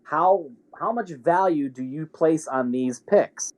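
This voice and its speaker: A man co-hosting a podcast in casual chat, hesitant and halting, often restarting his sentences. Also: a little high, darkish tone. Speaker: podcast co-host.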